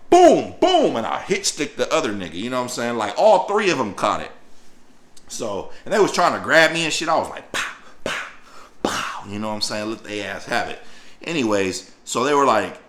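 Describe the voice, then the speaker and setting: A man telling a personal story in a casual, profane, animated way, acting out voices and sound effects. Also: on the low side, echoey room. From northern Louisiana.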